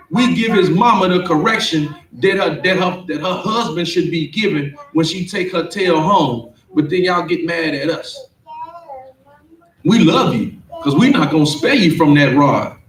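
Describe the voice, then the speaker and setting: A man's voice: sits high, a bit bright. Fervent preaching man, echoey room. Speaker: class teacher. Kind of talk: street sermon. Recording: echoey room, distant mic, faint noise.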